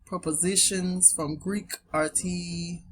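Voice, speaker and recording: Speaking slowly in a lowish, fairly even voice, a Southern US woman reads dictionary entries for her Bible etymology viewers, pausing for chatty asides and addressing them as "y'all." A little hiss or hum is audible.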